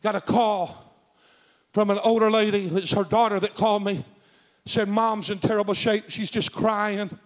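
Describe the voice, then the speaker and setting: A middle-aged man preaching a sermon in a church, telling a story and swinging from shouts to hushed tones. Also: high voice, steady tone, normal speed. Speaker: senior pastor. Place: church sanctuary.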